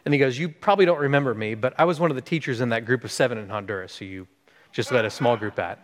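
A man's voice: medium pitch, quick pace, big-room sound. A man who is a pastor, preaching a sermon and telling a story, acting out the voices of the people in it. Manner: animated, acts out quoted dialogue.

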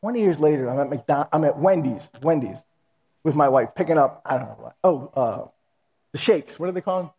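A male pastor telling a story in a sermon, animated and acting out the dialogue. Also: on the high side, a little fast, dull audio. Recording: reverberant hall.

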